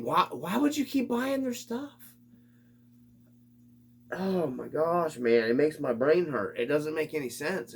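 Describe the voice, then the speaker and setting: A man's voice: mid-range voice, slightly rough. A man hosting his own hobby vlog, ranting in an exasperated, casual way and swearing freely. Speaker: RC hobby channel host.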